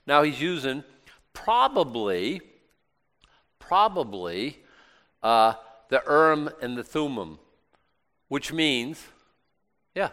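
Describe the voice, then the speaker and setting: A man's voice: fairly high pitch, big pitch swings, slow pace, pauses often, a bit bright, in a large hall. A man leading a Bible study, reading verses aloud with raised voice and adding casual, sarcastic comments in between. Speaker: Bible teacher.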